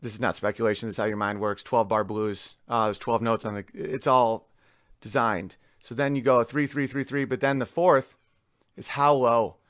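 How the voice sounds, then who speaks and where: A man's voice: medium pitch, fairly even intonation, moderate pace, fairly bright tone, no echo, clean studio sound. A man hosting a casual monologue, rambling with frequent restarts, with faint music in the background. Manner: rambling, restarts often, sings lyric snippets. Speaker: podcast host.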